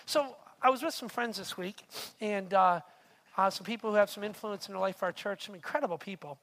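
A man's voice: high-pitched, a little fast, fairly bright tone. A middle-aged man preaching a sermon in a chatty storytelling way, repeating words and checking in with "right?". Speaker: pastor.

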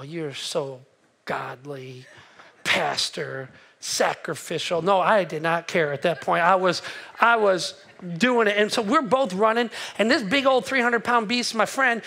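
A middle-aged pastor delivers his sermon in a high, bright voice with a lot of edge. He tells a story with animated energy and acts out the voices of the people he quotes.

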